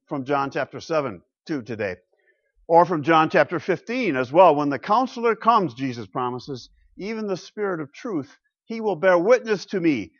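A man preaching a sermon to his congregation, asking rhetorical questions and swinging from loud declarations to hushed asides. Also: on the high side. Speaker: pastor. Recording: muffled lo-fi sound.

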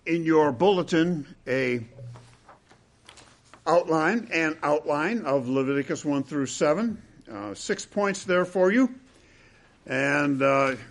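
A man preaching a sermon to his congregation, with dramatic emphasis, pauses and repeated lines. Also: a little high, fairly bright tone. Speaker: pastor.

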